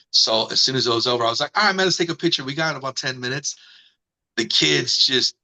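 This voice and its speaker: A man recounts his story as an interview guest, acting out what others said in a raised voice. His tone is bright and forceful, peppered with "you know" and "man.". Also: gravelly, low-quality recording. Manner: animated, acts out quotes in higher voice. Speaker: radio host and guest.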